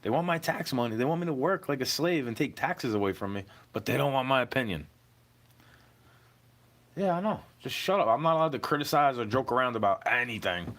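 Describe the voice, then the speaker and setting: A man's voice: medium pitch, fairly bright tone. Aggrieved man ranting, swearing. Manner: aggrieved, profane, repeatedly says "bro". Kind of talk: ranting monologue to camera.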